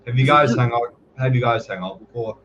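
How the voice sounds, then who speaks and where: A man's voice: mid-range voice, brisk, a bit bright, lo-fi sound, a little hiss or hum. A tired man hosting a late-night stream, giving short casual replies. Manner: brief, tired interjections. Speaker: podcast host. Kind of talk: casual chat.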